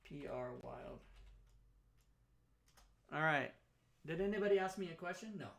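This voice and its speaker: A man's voice: fairly high pitch, expressive, measured pace, gravelly, fairly bright tone. A man hosting a casual livestream talk show, chatting loosely with his viewers, running raffles and rambling between jokes. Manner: loose, rambling, joking with chat.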